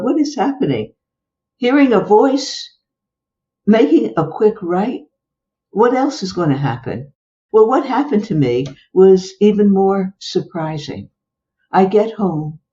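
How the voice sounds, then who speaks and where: An older woman, a psychologist as interview guest, telling a personal story with animated exclamations. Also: medium pitch, dull audio.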